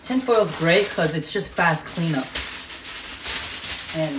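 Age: unknown. Sex: woman. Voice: quite low. Style: casual cooking livestream, chatty and rambling. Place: home kitchen with faint pan clatter behind. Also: expressive, takes it slowly, noisy background. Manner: chatty and rambling, self-correcting. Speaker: home cook hosting a live stream.

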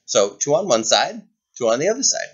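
A man teaching circle time to preschoolers over a computer camera, talking in a gentle, playful way to small children. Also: medium pitch, sing-song, fairly quick, slightly rough, lo-fi sound. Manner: gentle, playful, sing-song talk to small kids. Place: indoors, away from the classroom. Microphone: computer webcam.

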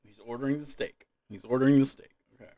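A man's voice: medium pitch, fairly even intonation, fast, mellow. A man talking casually in a solo video with a dry mouth, repeatedly losing his composure in fits of laughter, recorded close to the microphone. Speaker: gaming video creator. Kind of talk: casual solo vlog talk.

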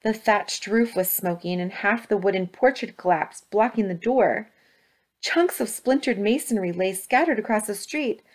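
A woman reading a storybook aloud with steady, expressive narration. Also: mid-range voice, moderate pace.

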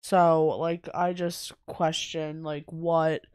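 A man's voice: on the high side, flat delivery, slow, darkish tone, clear, resonant tone, no room sound, studio quality. A young man co-hosting a podcast, speaking earnestly and reflectively in a casual reaction chat.

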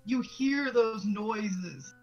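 A woman's voice: mid-range voice, expressive, very slow, highs cut off, music in the background. A woman hosting a casual stream chat, teasing her friends and giggling. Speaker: streamer host.

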